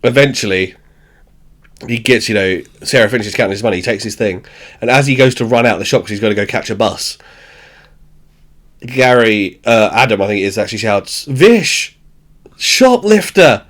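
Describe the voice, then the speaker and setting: A man hosting a podcast, recapping a sitcom in animated storytelling, swearing freely, laughing often and acting out the characters. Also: fairly low pitch, brisk, pauses often. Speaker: podcast host. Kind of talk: casual chat recapping a show.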